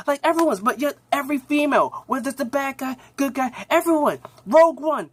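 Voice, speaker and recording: A man giving a casual, rambling movie review vlog, with lots of restarts and a voice that jumps up high when he gets worked up. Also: fast talker, hardly any pauses.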